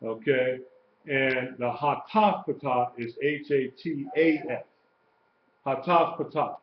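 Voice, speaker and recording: A man's voice: medium pitch, takes it slowly, a little hiss or hum. A man teaching a class, patiently repeating each term and spelling words out letter by letter. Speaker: Hebrew teacher. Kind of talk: classroom lecture, live-streamed. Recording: roomy, dull lo-fi live stream.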